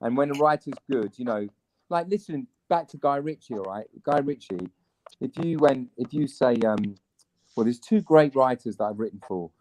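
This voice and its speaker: A man, an actor chatting as a guest and telling animated anecdotes. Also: mid-range voice, normal speed, a little hiss or hum, rough recording. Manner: animated storyteller, mimics other people. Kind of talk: casual chat, anecdotes.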